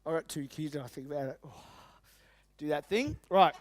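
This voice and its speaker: A middle-aged man, a business coach, giving an energetic, emphatic seminar talk and addressing the audience directly. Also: a little high, brisk, dry recording. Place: seminar venue.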